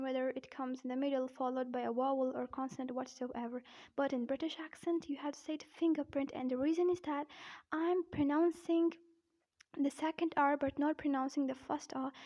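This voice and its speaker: A woman teaching an online pronunciation lesson, repeating example words slowly and addressing viewers as guys. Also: high-pitched, a little mellow. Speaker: English accent teacher.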